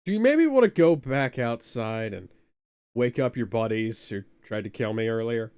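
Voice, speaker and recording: Man riffing with a smooth voice. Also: mid-range voice, lively intonation, normal speed, a little mellow. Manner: joking, crude, riffing. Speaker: co-host. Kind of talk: casual watch-along commentary.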